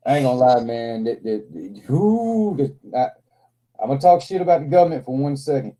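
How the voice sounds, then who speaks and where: A man's voice: mid-range voice, very animated, normal speed, warm tone, low-quality recording. A man in his forties hosting a livestream, telling rambling, profane stories with frequent laughter. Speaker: livestream host. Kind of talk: casual storytelling chat.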